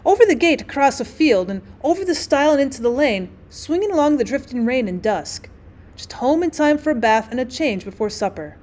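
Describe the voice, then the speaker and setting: Woman, young adult, teacher reading aloud, expressive audiobook narration, lively pitch. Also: a little fast. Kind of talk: audiobook reading of a classic short story.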